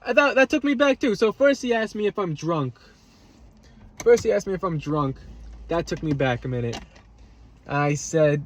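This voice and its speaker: Guy with a fairly high voice ranting about a road-rage jerk, swearing a lot, repeating himself, voice jumping up when he gets mad. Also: very animated, normal speed, husky. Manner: profane, heated, repeats himself, voice jumps up when upset. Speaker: vlogger. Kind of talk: angry storytime rant. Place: at home, eating a salad.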